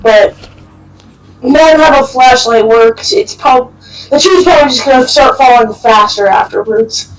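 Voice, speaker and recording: A woman's voice: high voice, measured pace, distant mic, soft background music, poor audio. A woman playing in a role-play game, making dry wisecracks. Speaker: player.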